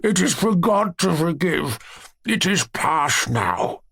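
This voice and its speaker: Guy doing a wailing old holy fool, high and sloooow, husky, kinda eerie. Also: big pitch swings, a bit bright, no room sound, exaggerated voice. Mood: pleading. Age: 60s. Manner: slow, wailing, high-pitched muttering.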